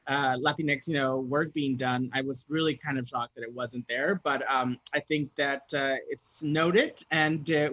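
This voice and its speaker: A young man from Southern California chatting as a guest, telling stories with lively high-pitched acted-out reactions. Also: no room sound. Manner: animated storyteller, jumps into high-pitched quoted reactions. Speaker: guest actor. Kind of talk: casual chat.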